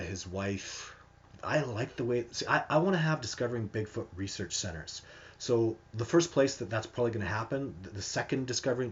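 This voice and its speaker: A man's voice: lowish voice, lo-fi sound, a little hiss or hum. A man hosting a live stream, answering viewer questions in a casual, emphatic way and often restarting his sentences. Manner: emphatic and animated, with frequent restarts.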